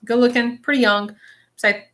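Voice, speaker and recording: Bright-voiced woman rambling through a psychic reading. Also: fairly high pitch, fairly even intonation, moderate pace. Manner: rambling, checks in with listeners with frequent "okay?" tags; describes visions in present tense, hesitant and searching. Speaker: spiritual medium. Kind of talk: live-stream reading.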